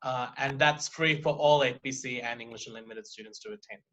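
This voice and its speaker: Bright-voiced teacher. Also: male voice, medium pitch, fairly even intonation, brisk, lo-fi sound, a little hiss or hum. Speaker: IELTS teacher. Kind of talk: casual webinar talk.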